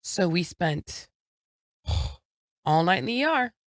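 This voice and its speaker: A woman's voice: on the low side, sing-song, takes it slowly, no room sound. A woman in her thirties co-hosting a podcast, telling a family story in a frank, casual way and swearing now and then. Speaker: podcast co-host. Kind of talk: casual chat.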